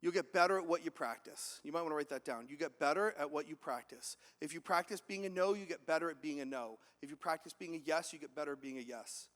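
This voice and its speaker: A man delivers a high-energy motivational keynote from a stage. He acts out other people's voices and throws questions at the crowd. His voice is high and bright, and the hall adds a long echo behind it. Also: fast, hardly any pauses. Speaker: keynote speaker. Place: large event hall with audience. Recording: echoey hall.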